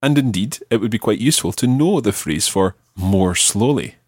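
Husky-voiced male language teacher. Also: fairly low pitch, expressive, a little mellow, no room sound, studio quality. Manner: patient, prompts the learner, slows down for example phrases. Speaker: language teacher and podcast host. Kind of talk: podcast language lesson.

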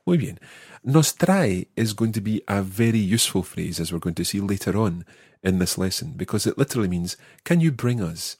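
A man hosting an audio language lesson, patiently explaining and slowing down to model each word. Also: fairly low pitch, expressive, a little mellow, slightly rough, no room sound, studio quality. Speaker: language teacher, podcast host.

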